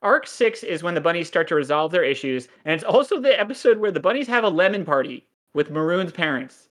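Casting: man in his 30s, slightly high voice, sardonic podcast co-host, rambling and profane. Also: sing-song, a little fast. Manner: crude, sardonic, rambling with frequent swearing. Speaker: podcast co-host recapping a cartoon. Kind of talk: casual podcast chat.

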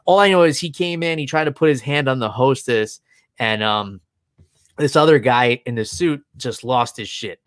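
A man in his thirties co-hosting a show, relating a story in a loose, chatty way. He chuckles often and leans on fillers. His voice sits at a middle pitch, and the sound is dry and close. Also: fairly bright tone, no echo. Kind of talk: casual anecdote telling.

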